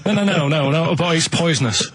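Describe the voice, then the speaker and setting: A man in casual radio banter who tells rambling stories, halting with many fillers and restarts. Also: on the high side, heavy background noise. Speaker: radio show regular.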